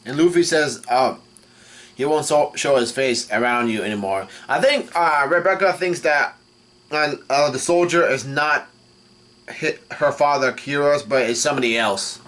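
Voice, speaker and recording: Man haltingly recapping a comic. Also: mid-range voice. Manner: halting, full of restarts and fillers, reads quoted lines flatly. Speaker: manga reaction vlogger. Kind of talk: casual recap while reading.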